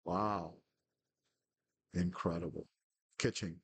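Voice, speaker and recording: Slow-talking man, husky and dry, calls player names tersely while gaming and swears when things go wrong. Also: low-pitched, steady tone, dry recording. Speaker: podcast host playing a football management game. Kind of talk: casual live commentary on his own game.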